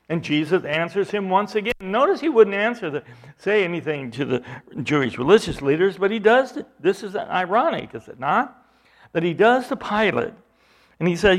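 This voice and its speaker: Man, sermon, retells scripture, voices the quoted dialogue, frequent restarts, fairly high voice. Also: sing-song, normal speed. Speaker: preacher.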